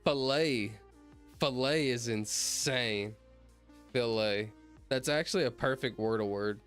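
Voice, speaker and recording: A man's voice: mid-range voice, takes it slowly, fairly bright tone, smooth, soft background music. A man streaming while he counts aloud, chatting casually and drifting off topic as he talks to himself. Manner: rambling, easily sidetracked, talks to himself. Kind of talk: casual livestream chat.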